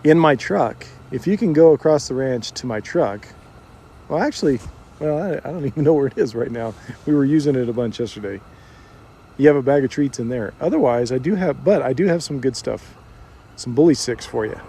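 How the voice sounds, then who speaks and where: A man's voice: mid-range voice, lively intonation, a little fast, dark tone, breathy edge. A rancher hosting a casual live stream outdoors. He chuckles often and talks in a folksy way to his animals and his viewers.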